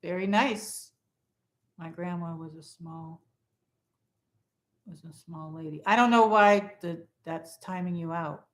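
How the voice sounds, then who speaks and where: A woman's voice: on the low side, takes it slowly, pauses often, echoey room. A woman hosting a casual livestream from her phone at home, rambling and reading viewer comments aloud. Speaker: livestream host. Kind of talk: casual live chat with viewers. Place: home, in front of a Christmas tree.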